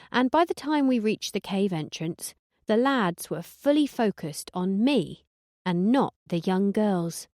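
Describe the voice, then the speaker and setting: A woman narrating an audiobook in the first person, sardonic and deadpan. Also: fairly low pitch, no echo, studio quality.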